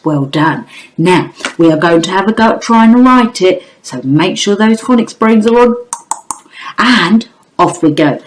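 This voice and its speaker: Slow, encouraging woman teacher. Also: medium pitch, animated, slight background noise. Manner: slow, clear, sounding out phonemes with sing-song emphasis; encouraging, addresses children and parents directly. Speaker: phonics teacher. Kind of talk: online phonics lesson for young children.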